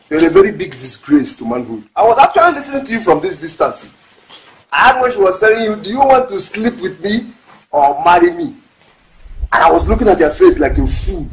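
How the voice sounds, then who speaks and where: A preachy, high-voiced bar meddler. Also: male voice, sing-song, fairly quick, low-quality recording. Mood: lecturing. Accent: Nigerian. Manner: lecturing, insulting, preachy. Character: meddling bar patron scolding a man. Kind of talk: Nollywood film acting.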